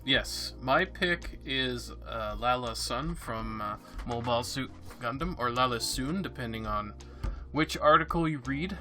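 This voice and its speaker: A man's voice: mid-range voice, expressive, measured pace, pushed and bright, soft background music. A man with a Canadian accent chatting on a podcast, hesitant with frequent fillers. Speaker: podcast co-host. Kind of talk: casual podcast chat.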